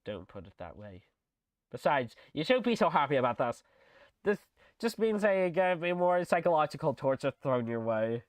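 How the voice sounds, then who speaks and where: A man's voice: a little high, very animated, moderate pace, no echo. Mr. Puzzles, a man doing a pompous TV-headed showman. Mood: teasing. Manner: grandiose, flamboyant, self-praising. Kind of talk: reading a dating sim aloud.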